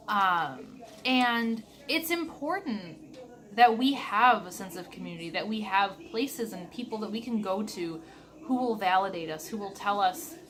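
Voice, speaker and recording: A woman talking earnestly to her camera in a reflective vlog, stressing words by slowing down. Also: medium pitch, fairly bright tone. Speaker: vlogger.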